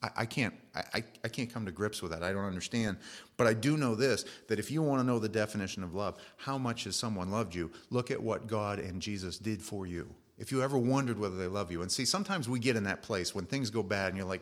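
A man's voice: lowish voice, quick pace. A middle-aged man preaching a sermon as a pastor, in an earnest, conversational storytelling manner.

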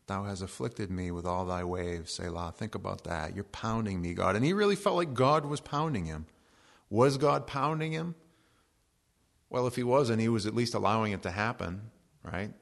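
A man preaching a relaxed sermon as pastor, cracking jokes between slow readings of scripture. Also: fairly low pitch, vocal fry. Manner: conversational and joking, reading scripture slowly.

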